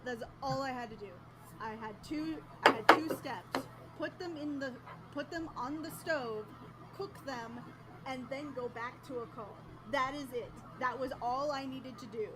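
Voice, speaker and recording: A woman's voice: high voice, unhurried, heavy background noise. A woman streamer in casual chat, rambling and self-mocking, often laughing at herself.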